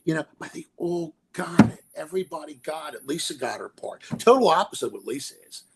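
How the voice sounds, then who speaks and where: A man guest in an interview, an animated storyteller who acts out quotes and laughs often as he recalls directing films. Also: a little high, fairly quick, vocal fry, very noisy.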